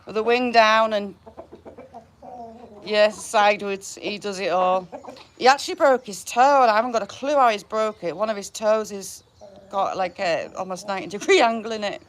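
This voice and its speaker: While feeding her chickens outdoors in the run, a woman chats casually with livestream viewers, affectionate and laughing often. Her voice is mid-range at a moderate pace, with chickens clucking and a rooster in the background.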